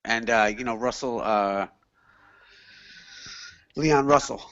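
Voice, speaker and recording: A man's voice: medium pitch, slow pace, a bit bright, dull audio. A man from England in a casual chat, rambling and slangy with lots of fillers. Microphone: video call.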